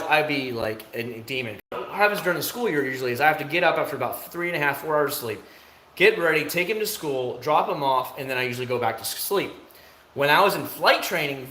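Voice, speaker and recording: A man rambles casually to his stream viewers, speaking into a phone at home. His talk wanders loosely and now and then jumps into loud, higher bursts. The room around him sounds roomy, with a faint hiss of noise behind. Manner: rambling, chatty, with sudden loud, high bursts. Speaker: livestreamer. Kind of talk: casual livestream chat. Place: at home, indoors.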